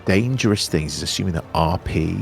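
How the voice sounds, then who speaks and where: English guy, posh rp accent, low gravelly voice, gets worked up and restarts a lot, faint music under. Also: a little fast. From England. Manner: animated, candid, trails off and restarts. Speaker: interview guest, actor. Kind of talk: casual chat.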